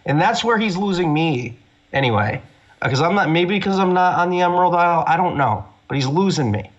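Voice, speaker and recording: Guest analyst: a swearing, fired-up man, higher voice, on dull lo-fi audio. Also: animated, fairly quick. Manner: profane, fired-up ranting. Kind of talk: heated casual chat.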